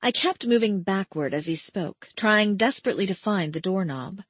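A woman narrating first-person fiction in a breathy, measured, steady voice. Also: medium pitch, no room sound. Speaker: audiobook narrator.

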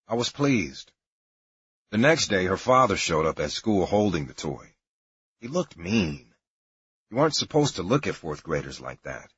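A man's voice: sits low, fairly bright tone, husky, dry recording. A man narrating a memoir in a wry, matter-of-fact storytelling manner. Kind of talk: memoir audiobook reading. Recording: dry, dull lo-fi recording.

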